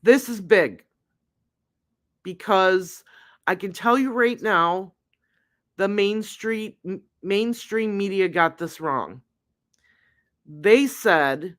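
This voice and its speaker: A woman's voice: mid-range voice, animated, drawn-out words, long pauses. A woman hosting a live-stream recap of a trial, chatting unhurriedly with her viewers. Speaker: true crime livestream host.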